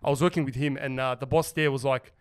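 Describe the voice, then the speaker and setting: A young man, co-hosting a casual podcast chat and telling rambling, excitable stories full of swearing. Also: medium pitch, fast talker, clean tone. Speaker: podcast co-host.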